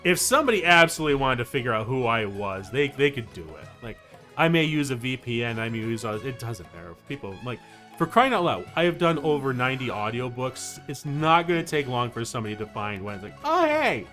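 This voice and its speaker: A man chatting casually on a game livestream, rambling and excitable, with many fillers. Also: mid-range voice, brisk, soft background music. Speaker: VTuber streamer. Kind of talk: casual livestream chat while gaming.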